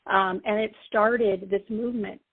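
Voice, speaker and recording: A woman who leads a nonprofit, a guest on a radio interview, speaking earnestly with small pauses. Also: medium pitch, steady tone, husky, dry recording. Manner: warm, earnest, uses "um". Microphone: phone call. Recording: tinny dry phone line.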